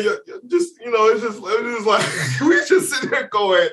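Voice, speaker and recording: A man with a high, wildly swinging voice tells a party story on a podcast, bursting into laughter and shouting out the lines of his friends. He sits a little back from the microphone, so he sounds slightly distant. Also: normal speed. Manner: animated, laughing, acts out quotes loudly. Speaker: podcast co-host. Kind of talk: casual storytelling chat.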